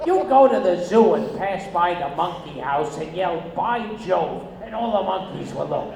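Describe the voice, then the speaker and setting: A man performing a stand-up comedy set on a casino stage, with shrill, abrupt outbursts and deadpan asides. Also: normal speed, vocal fry. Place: casino stage, live audience. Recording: echoey, noisy audience bootleg.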